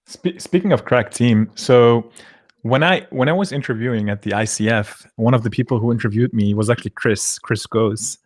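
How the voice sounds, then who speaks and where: A man's voice: medium pitch, moderate pace, dry recording, studio quality. A man hosting a podcast, asking questions in a conversational, slightly hesitant way. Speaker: podcast host. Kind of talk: casual interview chat.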